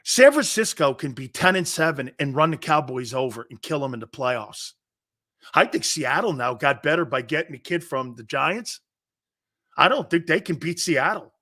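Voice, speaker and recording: A man hosting a sports talk show holds forth with blunt, animated opinions. His voice sits fairly high for a man and swings widely in pitch. He sounds middle-aged and tells stories with loud bursts and sudden drops. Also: normal speed.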